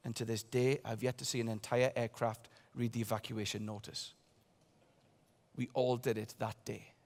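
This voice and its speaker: Animated male keynote speaker in a big hall. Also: mid-range voice, moderate pace. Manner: animated, swings between loud bursts and quiet asides. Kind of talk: motivational keynote storytelling. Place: large conference hall. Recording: long hall reverb.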